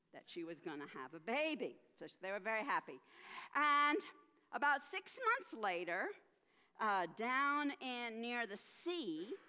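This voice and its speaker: Animated woman minister telling a story. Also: on the high side. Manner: expressive, animated storytelling with dramatic gasps. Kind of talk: storytelling for all ages in a church service. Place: church sanctuary. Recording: long reverb of a church sanctuary.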